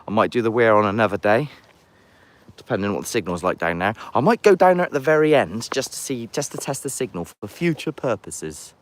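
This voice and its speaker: A man's voice: on the low side, animated, brisk, no echo. A man chatting casually on a live stream outdoors by a castle, rambling and greeting viewers as he walks. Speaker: paranormal investigator streaming live.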